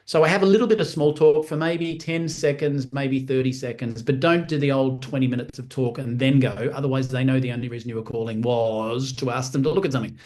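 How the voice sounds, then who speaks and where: A man giving a live-streamed training talk on making sales calls, energetic and lively, acting out phone conversations in different voices. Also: mid-range voice, a little fast, hardly any pauses. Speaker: network marketing trainer. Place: room on a live stream with screens.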